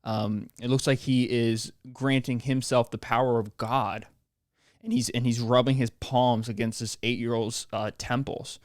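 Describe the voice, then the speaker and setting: A man's voice: mid-range voice, unhurried, dry recording. Sarcastic young man, dry close sound. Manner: deadpan sarcasm, rambling, laughs at own jokes. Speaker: podcast host. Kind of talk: sarcastic solo podcast rant.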